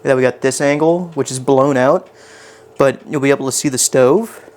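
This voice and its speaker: A man's voice: mid-range voice, normal speed, darkish tone. A man chatting casually while cooking on a live stream in his home kitchen, rambling and poking fun at himself as he talks to his chat.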